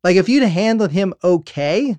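A man's voice: high voice, animated, moderate pace, a little mellow, dry recording. A man hosting a podcast conversation, laughing often and thinking aloud. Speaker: podcast host.

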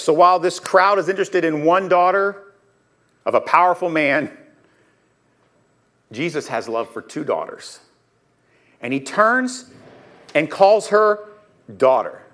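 Male pastor, earnest sermon delivery, emotional, slightly high pitch. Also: big pitch swings, a little slow, long pauses, a bit bright.

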